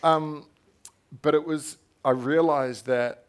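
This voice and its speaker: Slow and smooth, his fairly high-pitched voice holds a steady tone. The speaker, a young New Zealand author at a festival talk, tells his story on stage in a candid live conversation, frank and animated, with laughter and the odd swear word.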